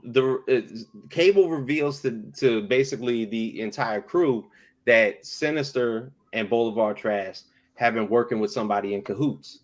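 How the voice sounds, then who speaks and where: A man's voice: medium pitch, moderate pace. A man co-hosting a casual podcast, recapping a cartoon episode with profanity and acting out the characters' lines. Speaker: podcast co-host.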